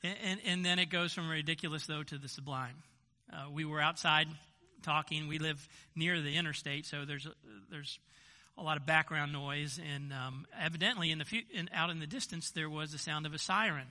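A man's voice: a little high, steady tone, a little fast, sharp tone. An older man, a grandfather and pastor, preaching a sermon in a conversational storytelling way, often restarting his sentences. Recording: long hall reverb.

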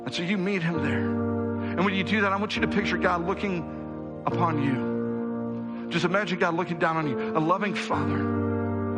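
A male pastor preaching a sermon, talking straight to his congregation and building to fervent, rhythmic peaks before easing back into a conversational tone. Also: a little high. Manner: builds to fervent rhythmic crescendos, then quiets; direct, conversational address to the congregation.

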